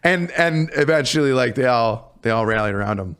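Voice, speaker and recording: A man's voice: mid-range voice, fairly quick, clean tone. A man in his thirties, a former drill sergeant, telling a story casually on a podcast, swearing freely. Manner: animated, profane, acts out shouted exchanges.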